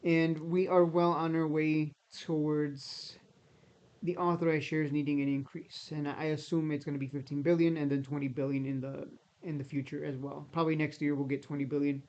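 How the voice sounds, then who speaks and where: A man with a slightly high, strained voice talks in a loose, conversational way, often repeating himself and pushing back with skeptical asides. The recording sounds dull and lo-fi. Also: little pitch movement, normal speed, a little mellow, clean tone. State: voice strained, near losing it. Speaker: stock market YouTuber. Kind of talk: casual commentary.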